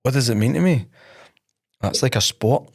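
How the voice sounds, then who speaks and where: A man with a gravelly, creaky voice chats casually on a podcast. He rambles and jokes at his own expense while talking about coaching people. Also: medium pitch, animated, moderate pace. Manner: joking, self-mocking, rambling. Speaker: podcast host and high performance coach.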